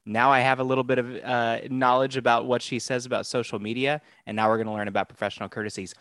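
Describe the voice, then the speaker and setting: A man's voice: mid-range voice, little pitch movement, fast, fairly bright tone, smooth, dry recording. A man co-hosting a talk show, enthusiastic and teasing his co-host. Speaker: podcast co-host. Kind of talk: casual chat.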